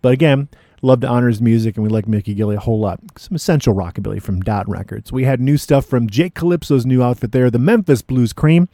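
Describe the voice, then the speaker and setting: A male radio DJ with a mellow, darker voice talks in a relaxed, rambling way between records, often pausing on "uh" and "you know." His pitch sits in an ordinary middle range. The recording is dry and close, with no room sound. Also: no echo. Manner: laid-back and chatty, with frequent "uh" and "you know". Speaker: radio DJ host.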